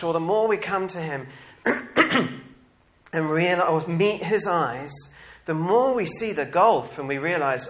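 A man preaching a sermon to his congregation, animated and laughing often, swinging from quiet reflection to loud bursts of excitement. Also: fairly high pitch, a little slow.

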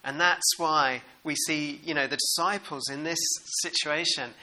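A New man preaching a sermon in an animated, conversational way and putting questions to the congregation. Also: a little high, measured pace, poor audio.

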